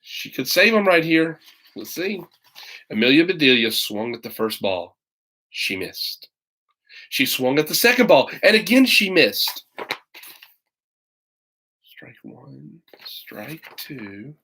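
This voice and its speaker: Lively bright-voiced man reading a storybook. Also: a little high, normal speed. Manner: animated reader, breaks in with chatty comments. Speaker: teacher reading a children's book aloud. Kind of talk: storybook read-aloud with asides.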